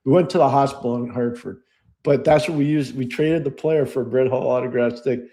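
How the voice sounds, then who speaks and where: A middle-aged man co-hosting a podcast, telling anecdotes in a lively way and acting out the voices of the people in them. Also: medium pitch, brisk. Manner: animated storyteller, acts out quoted voices, laughs often. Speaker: podcast co-host. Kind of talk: storytelling in casual chat.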